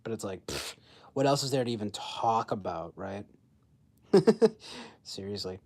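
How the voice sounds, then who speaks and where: A man's voice: fairly low pitch, lively intonation, moderate pace. Rambling young man chatting on a stream. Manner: rambling, filler-heavy, laughs at his own jokes. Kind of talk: casual livestream chat. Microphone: phone.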